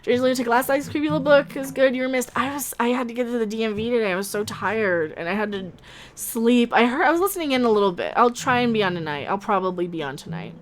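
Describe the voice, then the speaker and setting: A woman hosting a casual livestream, chatting in a rambling, excitable way as she reads out and answers the chat. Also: a little high, fast, a little hiss or hum. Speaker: livestream host reading chat.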